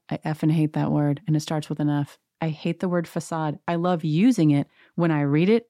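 A woman hosting a reality TV recap, talking in a sarcastic, gossipy and animated way. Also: low-pitched, moderate pace, dry recording, studio quality. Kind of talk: rant-filled casual recap.

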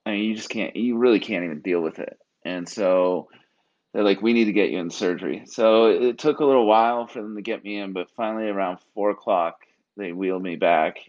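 A Marine Corps veteran in his thirties, appearing as a guest, earnestly tells a personal story in casual conversation, acting out the dialogue in different voices. His voice is lowish, brisk and somewhat dark, captured on a dull lo-fi recording.

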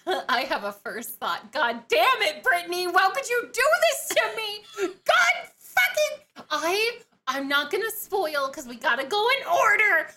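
An excitable woman co-hosting a podcast, giggling and swearing freely as she talks. Her voice sits very high and sounds bright, with a lively, swooping melody. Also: a little slow, a little hiss or hum. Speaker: podcast co-host. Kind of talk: casual chat.

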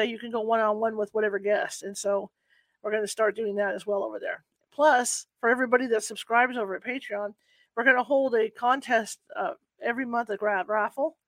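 A man's voice: extremely high pitch, a bit bright, no room sound. A man hosting a live paranormal talk show, chatting casually with many fillers and restarts, laughing at himself. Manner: rambling, self-deprecating, lots of fillers and restarts. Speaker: podcast host. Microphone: home computer setup.

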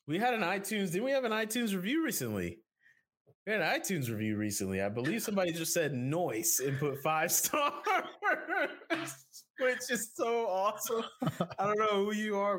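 A man co-hosting a podcast in casual chat, joking and rambling through ad reads with big swings in pitch. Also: a bit bright. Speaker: podcast co-host.

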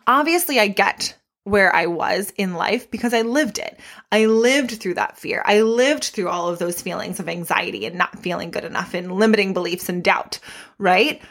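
A young pregnant woman hosting her own podcast in a casual, unedited monologue, chatty and candid with animated asides and casual swearing. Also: medium pitch, moderate pace. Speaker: podcast host and fitness instructor. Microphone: podcast microphone.

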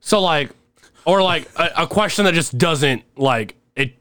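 A man's voice: a little high, expressive, measured pace, bright, forceful tone, dry recording, clean studio sound. A young man telling rambling, laugh-filled stories as a guest on a casual podcast. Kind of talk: casual storytelling chat.

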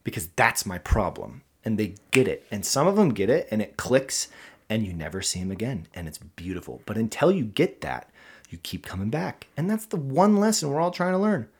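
A man hosting a casual podcast conversation, talking in an animated, emphatic way with preacher-like rises and drops. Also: lowish voice, moderate pace, breathy edge.

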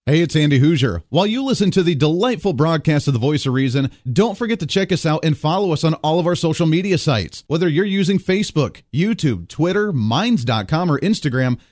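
A radio talk show host talks through political news with a chatty, wry delivery. His voice sits a little high for a man, and the sound is close and dry. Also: expressive, brisk, few pauses, a little mellow, no echo, soft background music. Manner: chatty, wry, frequent restarts. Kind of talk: political commentary.

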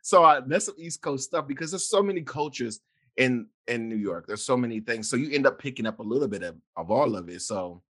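A man's voice: mid-range voice, animated, brisk, fairly bright tone. A man hosting a casual interview, asking questions with frequent restarts. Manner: stumbling restarts, friendly questioning. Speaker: host.

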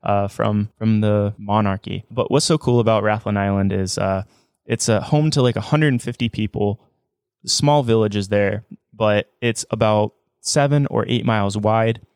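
A man with a fairly low voice hosts a relaxed travel podcast. He talks eagerly and keeps restarting his sentences. His voice sits close and dry, with no room sound. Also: normal speed, clean tone, dry recording. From United States. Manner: enthusiastic, frequent restarts. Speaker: podcast co-host. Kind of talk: casual travel chat.

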